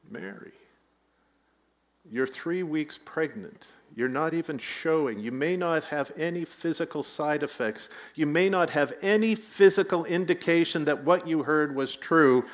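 Slow-speaking pastor preaching. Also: male voice, fairly high pitch. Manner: storytelling with rising emphasis and asides. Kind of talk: sermon.

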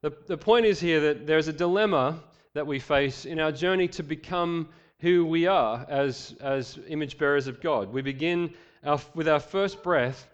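A man's voice: on the high side, moderate pace, few pauses, dull audio. A male pastor preaching a sermon, reading scripture with voiced quotes and joking asides.

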